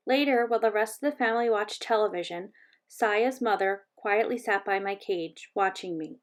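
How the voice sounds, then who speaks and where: In a gentle, measured storytelling voice of middle pitch, a woman reads aloud from a children's chapter book.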